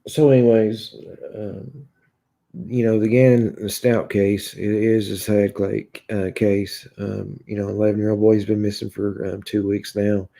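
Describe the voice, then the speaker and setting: A man with a Kentucky accent hosting a livestream, reading viewers' comments aloud in a halting, casual way full of filler sounds and restarts. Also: lowish voice, flat delivery, creaky, dark tone. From Kentucky, USA. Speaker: livestream host reading chat.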